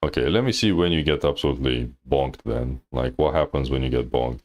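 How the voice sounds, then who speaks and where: A man's voice: rumbling low, a little fast, darkish tone, slight background noise. A man coaching on a livestream, reviewing a player's match in a laid-back, slangy, teasing way and laughing often. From Thailand. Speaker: game coach reviewing gameplay. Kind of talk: casual livestream coaching commentary.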